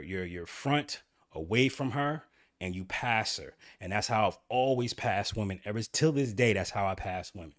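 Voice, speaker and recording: A channel host with a fairly low voice tells a personal story candidly, rambling and frequently starting over. The recording is dry and studio-clean.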